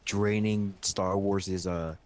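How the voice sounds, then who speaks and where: A man with a somewhat low voice chats casually over a game with his friends. He is opinionated and rambles, trailing off into fillers as he hunts for words. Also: steady tone, slow, dry recording. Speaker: gamer chatting with friends. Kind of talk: casual chat while gaming.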